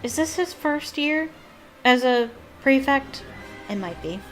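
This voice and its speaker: Woman, higher voice, reading a novel aloud, expressive, chatty asides, faint music behind. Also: takes it slowly.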